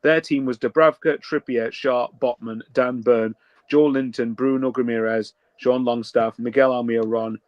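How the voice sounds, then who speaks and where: A man's voice: mid-range voice, fairly even intonation, moderate pace, no room sound, muffled recording. A man co-hosting a casual football podcast, jokey and chatty. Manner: chatty, jokey, rattles off team lineups. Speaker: podcast co-host. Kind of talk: casual chat.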